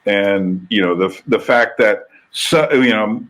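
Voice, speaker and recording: A podcast host with a fairly low, slightly bright voice talks slowly in a casual conversation reacting to a video. He rambles thoughtfully and often restarts his sentences, and the audio quality is poor.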